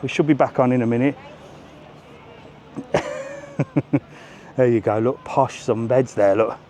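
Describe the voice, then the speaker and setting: Unhurried and a little mellow, this mid-range male voice belongs to someone live-streaming a walking tour of a busy resort seafront. He talks casually, cracks jokes and lets slip the odd swear word, with faint street and traffic noise around him.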